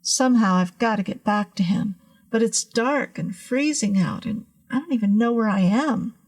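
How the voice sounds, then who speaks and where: A woman's voice: a little high, moderate pace, darkish tone, close to an everyday voice. A woman voicing a worried, lost teenage boy in a storybook reading. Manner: worried, fretful.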